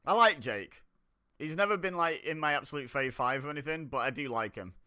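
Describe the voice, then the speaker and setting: Lively, bright-voiced man reacting. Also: fairly high pitch, a little fast, clean tone. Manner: chatty, exasperated, laughs often. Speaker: reaction video host. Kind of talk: casual reaction commentary.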